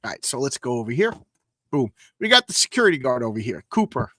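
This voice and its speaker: A man's voice: mid-range voice, sing-song, fast talker, fairly bright tone, dry recording. A man hosting a casual comic book reading show, talking with enthusiasm, rambling and often stumbling over his words. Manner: enthusiastic, rambling, stammering restarts.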